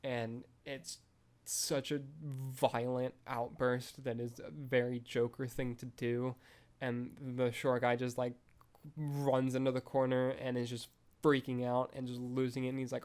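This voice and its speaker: A man's voice: medium pitch, little pitch movement, measured pace, darkish tone. A young man hosting a podcast, reviewing a film in casual chat full of "like" and "um" fillers. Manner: rambling, heavy use of "like" and "um".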